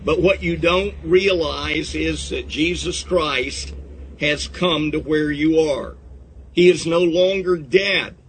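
A man's voice: on the high side, a bit bright, a little hiss or hum. A man preaching a sermon in an earnest way, reading scripture aloud and talking straight to his listeners. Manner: earnest preaching, reads scripture aloud in old-fashioned wording. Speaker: pastor.

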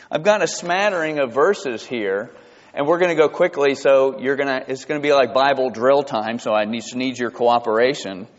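Animated pastor preaching in a hall. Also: male voice. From South Georgia, US. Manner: animated, storytelling with rises and drops in pitch. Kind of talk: sermon. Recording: reverberant hall, dull lo-fi sound.

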